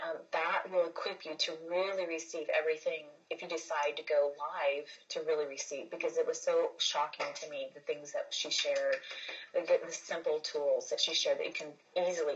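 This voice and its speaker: A woman's voice: low voice, highs cut off. A woman hosting a casual livestream, talking earnestly and emphatically, rambling with many restarts and repeated words. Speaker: livestream host.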